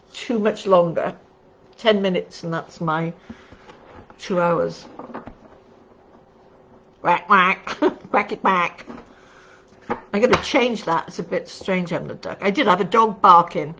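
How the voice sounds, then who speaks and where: Middle-aged woman, tarot reader, chatty and affectionate, casual livestream talk, muffled lo-fi sound. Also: mid-range voice. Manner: chatty and affectionate, calls viewers darling. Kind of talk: casual livestream reading and chat. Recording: dull lo-fi recording with faint noise.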